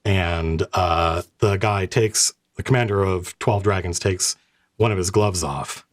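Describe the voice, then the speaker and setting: A low-pitched man runs a tabletop game as its game master. He tells the story in an animated way, often stopping to correct himself mid-sentence. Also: unhurried.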